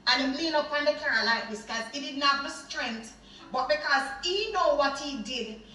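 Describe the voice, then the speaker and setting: Animated Jamaican woman in an echoey room. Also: sits high. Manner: animated, vivid retelling. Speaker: interviewee. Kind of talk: personal storytelling. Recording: echoey room, far from mic.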